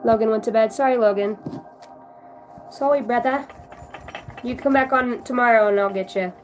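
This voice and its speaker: A woman reading tarot cards on a live stream, talking in a warm, rambling, affectionate way and shifting between guidance and chat with viewers. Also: a little high, normal speed, faint music behind, low-quality recording. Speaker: tarot card reader.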